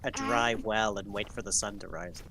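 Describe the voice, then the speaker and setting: A man's voice: lowish voice, steady tone, moderate pace, sharp tone, slight background noise. A man chatting on a stream, explaining things in a dry, matter-of-fact way. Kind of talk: casual chat on a stream.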